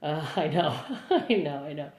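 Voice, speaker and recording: A woman's voice: sits low, normal speed, darkish tone. A middle-aged woman with a New Jersey accent, chatting casually as she answers viewers on a phone live stream. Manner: chatty, rambling, upbeat. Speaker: singer-songwriter live-streaming. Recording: roomy echo on a phone mic.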